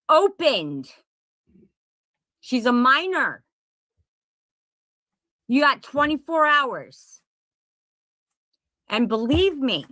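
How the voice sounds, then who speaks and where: High-voiced woman ranting angrily. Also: pushed and bright, no echo. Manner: profane, confrontational, repeats herself. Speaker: content creator. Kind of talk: angry direct-to-camera rant. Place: at home in Pennsylvania.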